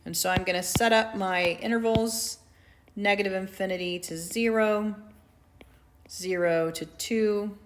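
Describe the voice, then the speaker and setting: A woman teacher walks through a calculus lecture in a casual, conversational way, often checking in with her class and slipping in dry sarcasm. Her voice sits at an ordinary middle pitch. The classroom gives the sound a noticeable echo. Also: steady tone, measured pace, slight background noise. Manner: conversational, asks for agreement with "right?"; lightly sarcastic asides. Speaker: math teacher. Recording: echoey room.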